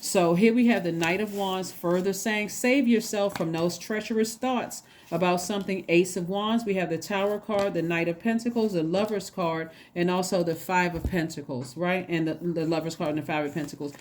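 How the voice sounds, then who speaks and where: A woman with a fairly low voice talks through a tarot reading in a loose, casual way. She circles back on her own words and keeps tagging her points with "right?" A faint hiss sits under her voice. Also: fairly even intonation, a little fast, hardly any pauses, a little mellow. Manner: rambling, repeats phrases, tags with "right?". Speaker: tarot reader.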